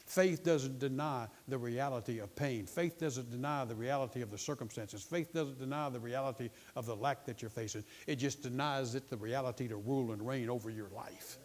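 Emphatic male preacher, repetitive delivery, exclamations of praise, middle-pitched voice, rising to loud bursts. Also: fairly quick, hardly any pauses. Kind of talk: sermon.

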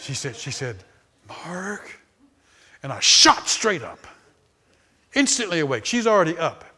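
A man in his sixties preaching a sermon, telling stories that start low and soft and build to loud, high, animated peaks. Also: normal speed. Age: 60s. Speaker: pastor. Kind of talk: sermon storytelling.

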